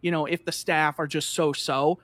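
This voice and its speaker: A man with a high, bright voice telling a story in casual chat, animated and peppered with "like". He often slips into acted-out voices, and the sound is close and dry. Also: moderate pace, no echo. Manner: animated, fillers of "like", acts out voices.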